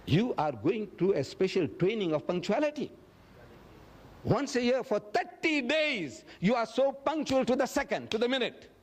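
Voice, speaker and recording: A man's voice: extremely high pitch, very animated, moderate pace, a little hiss or hum. A man gives a public lecture and answers audience questions. He tells stories emphatically and acts out quotes in a raised voice. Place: lecture hall.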